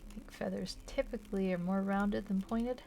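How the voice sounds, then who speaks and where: A woman's voice: medium pitch, normal speed, gravelly, dark tone, faint music behind. A woman chatting casually while she draws, giggly and rambling, tired from a long day without sleep. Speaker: art channel host. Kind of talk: casual drawing commentary.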